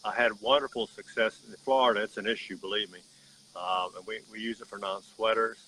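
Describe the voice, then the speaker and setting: A man who runs a horse farm telling a story outdoors in an earnest, folksy way with halting restarts, insects chirping behind him. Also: fairly low pitch, steady tone, pushed and bright, slight background noise, poor audio. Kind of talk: casual storytelling testimonial.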